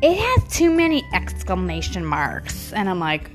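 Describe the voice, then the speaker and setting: A middle-aged woman telling a story in a casual vlog, animated and acting out her own shocked reactions, recorded on a phone. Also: lowish voice, unhurried, few pauses, faint music behind.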